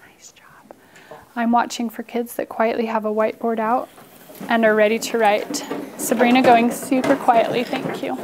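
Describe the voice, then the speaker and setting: A woman teaching a phonics lesson to a class, playfully dramatic and coaxing, with sighs and hushed asides. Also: fairly high pitch, little pitch movement, moderate pace, background noise.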